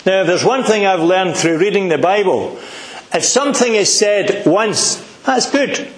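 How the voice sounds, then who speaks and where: Middle-aged Scottish preacher, high pitch, emphatic delivery, recorded in a reverberant hall. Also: male voice, lively intonation, measured pace. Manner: earnest, emphatic, asks the congregation questions. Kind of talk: sermon.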